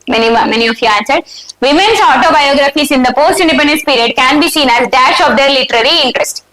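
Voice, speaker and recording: High-voiced Indian woman teaching, echoey. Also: a bit bright. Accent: Indian English. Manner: reads options aloud and checks answers with the class. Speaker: exam prep teacher. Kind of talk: live online exam answer review.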